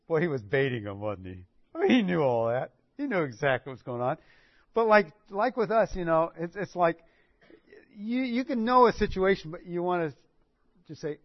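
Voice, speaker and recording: A man's voice: fairly high pitch, very animated, unhurried, pauses often, no room sound. A man preaching a sermon, telling the story with animation and acting out what people said. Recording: dull dry recording.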